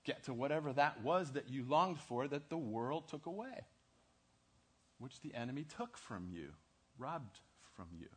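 A man's voice: mid-range voice, unhurried, slightly rough. A man preaching a church sermon, telling a story, acting out dialogue and asking the audience questions. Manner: animated, asks the audience questions, acts out dialogue. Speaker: pastor.

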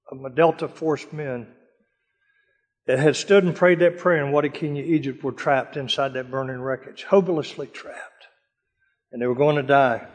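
An older man giving a dramatic sermon-style testimony, telling stories from his past with a hushed voice during the prayers. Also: on the high side. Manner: dramatic storytelling, drops to a hush for prayers. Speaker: speaker telling war stories. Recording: long hall reverb.

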